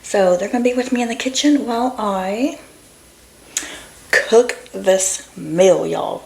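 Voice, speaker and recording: A woman's voice: medium pitch, normal speed, gravelly. Chatty woman in an echoey kitchen. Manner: rambling, chatty, addresses viewers as y'all. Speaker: doll nursery vlogger. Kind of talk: casual chatty vlog. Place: home kitchen.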